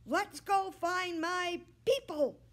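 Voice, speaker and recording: A woman voicing a small, eager male dog who squeals his lines in a very high voice. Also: takes it slowly. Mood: excited. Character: lost little male dog, cheerful and eager.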